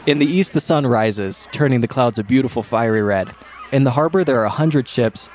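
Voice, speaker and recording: A man's voice: medium pitch, brisk, a little mellow, slight background noise. A young man runs a tabletop game as dungeon master, painting scenes with vivid detail. His voice sits in an ordinary middle range, and he laughs easily between descriptions.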